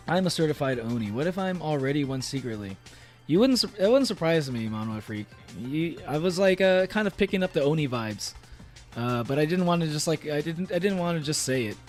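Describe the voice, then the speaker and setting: Faint music runs under a casual stream where a man with a mid-range voice reads aloud and reacts in a demon persona. His jokes are playful and rambling, with plenty of fillers and restarts.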